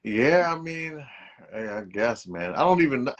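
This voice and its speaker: A man in the middle of his range rambles through a story, swearing freely and leaning on fillers. His voice has a plain, medium pitch. The recording sounds a little dull and lo-fi. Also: sing-song, moderate pace. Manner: loose, profane storytelling with many fillers. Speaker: podcast co-host. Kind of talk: casual movie podcast chat.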